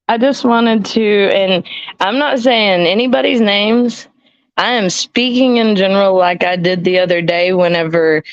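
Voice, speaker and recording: A woman's voice: lowish voice, clear, resonant tone, dry recording. Southern woman from texas ranting on a call, swears a lot, blunt, dry muffled lo-fi audio. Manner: blunt, profane and heated. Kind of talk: live stream call-in rant.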